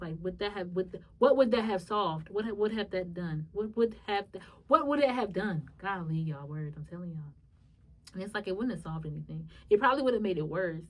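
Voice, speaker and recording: A young woman, hosting a podcast and telling a personal story in a lively, animated way. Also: medium pitch, far from the mic. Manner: lively, animated retelling with acted-out quotes and laughs. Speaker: podcast host. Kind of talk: casual storytelling monologue.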